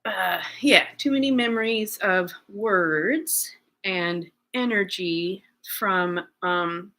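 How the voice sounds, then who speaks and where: A middle-aged woman speaking in a personal video journal, shaken and anxious, talking haltingly with many fillers and restarts. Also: mid-range voice, fairly bright tone. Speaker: vlogger.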